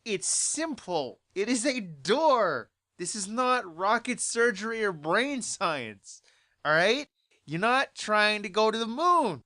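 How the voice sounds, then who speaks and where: A vlogger telling a story as an exasperated rant, repeating points and bursting into loud outbursts. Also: medium pitch, big pitch swings, slow, dry recording, clean studio sound.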